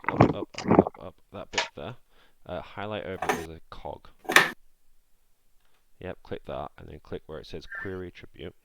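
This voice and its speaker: Low-voiced male game master. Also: gravelly, heavy background noise. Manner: rambling, filler-heavy descriptions. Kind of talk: narrating a tabletop game.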